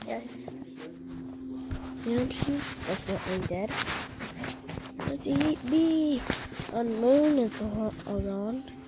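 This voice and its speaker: A woman talks her way through toy play in a silly, chatty manner, speaking very slowly in a fairly high voice. Clear background noise and clicking sounds run under her voice. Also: lively intonation. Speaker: channel host. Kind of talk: playful toy-play narration.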